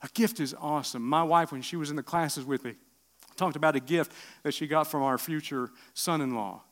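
A middle-aged man preaching a sermon, asking the room questions and swinging from loud bursts to hushed lines. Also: a little high, brisk. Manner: animated preaching with rhetorical questions and sudden drops to quiet. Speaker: pastor.

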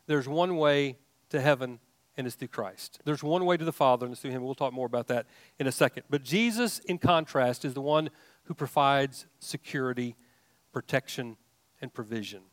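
A man's voice: medium pitch, moderate pace, dry recording. A man preaching a sermon, emphatic, with rising questions and frequent restarts. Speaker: pastor.

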